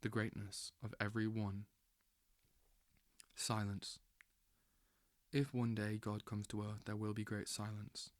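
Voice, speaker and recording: A man reading a literary novel aloud as an audiobook, slow and intense, with dramatic swells. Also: lowish voice, level tone, no room sound. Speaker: audiobook reader.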